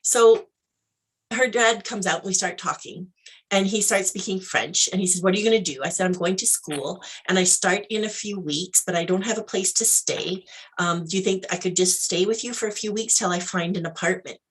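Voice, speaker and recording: A woman tells a personal story as an interview guest. She acts out other people's lines and laughs now and then. Her pitch sits in the middle of the range. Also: a little fast, husky. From Canada. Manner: animated storyteller, acts out dialogue, laughs often.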